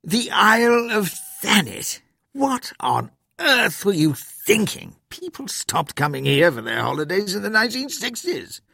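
A man's voice: high voice, sing-song, a little slow, gravelly, bright, forceful tone, breathy edge, no room sound, studio quality, pitched above the performer's own voice, full character voice. A man voicing a blustering, scornful old grandfather who lectures his family in a storybook reading.

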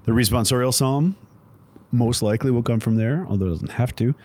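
A man's voice: medium pitch, brisk, darkish tone. A man co-hosting a podcast, explaining church practice in a casual, playful way. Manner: playful, explaining liturgy in a chatty teaching way. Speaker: podcast co-host. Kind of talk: casual chat.

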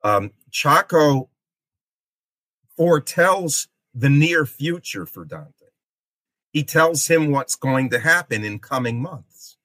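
Brief: slow, deliberate male lecturer, forceful voice, dry sound. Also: on the high side, lively intonation, dry recording. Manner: deliberate, checks in with "okay?" and "um". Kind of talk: literature lecture.

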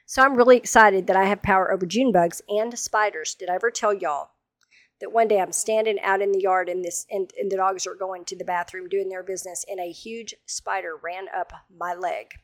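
Animated woman telling a story. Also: medium pitch, brisk, no echo. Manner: animated, dramatic, humorous retelling. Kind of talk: casual storytelling monologue.

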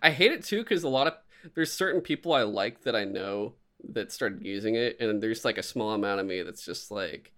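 Retelling a story on a laid-back podcast, this man rambles, curses, and slips into put-on voices with lots of animation. His pitch is fairly low and his pace moderate.

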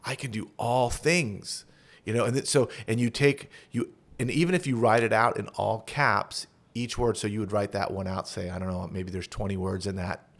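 A man's voice: on the low side, steady tone, brisk, gravelly, hardly any pauses. A man, a pastor, talking earnestly on a podcast and walking through example prayers as he teaches. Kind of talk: podcast conversation.

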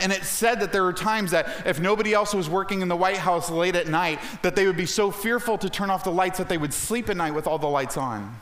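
Man, pastor, sermon, energetic and conversational, high-pitched, echoey sanctuary. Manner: energetic, conversational preaching with acted quotes.

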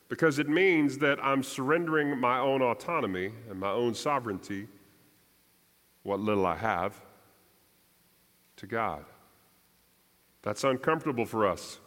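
In a big-room sound, a male pastor with a mid-range voice delivers a deliberate, measured sermon, lifting his voice to stress points and letting it sink softly as lines end.

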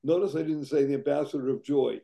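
A hoarse man talking as a podcast guest, exuberant and playful, spelling words out. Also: on the high side, steady tone, fast talker, dark tone. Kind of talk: casual podcast chat.

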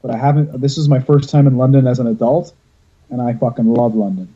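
Dark husky man on a lo-fi call. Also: medium pitch, steady tone, fast. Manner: rambling storyteller, swears freely. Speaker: podcast host. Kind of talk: casual podcast chat. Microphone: video call.

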